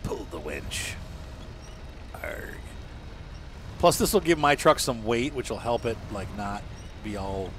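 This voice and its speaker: A man chatting through a co-op truck game, his voice swinging widely as he jokes and plans his route aloud. Loud engine and outdoor game sounds fill the background of this noisy stream recording. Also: on the low side, moderate pace. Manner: animated and joking, thinking aloud while driving. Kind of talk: casual gameplay chat.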